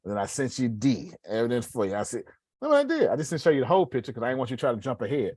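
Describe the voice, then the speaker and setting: Animated, slangy male teacher. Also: mid-range voice, rapid-fire, husky, dry recording. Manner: animated, slangy, jokes and acts out examples. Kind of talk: online class teaching.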